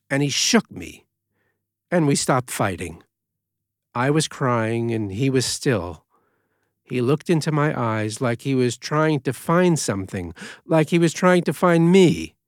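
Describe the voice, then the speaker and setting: A man performing his own first-person story in a studio, moving between quiet reflection and loud intensity. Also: medium pitch, expressive, a little slow, no room sound. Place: recording studio.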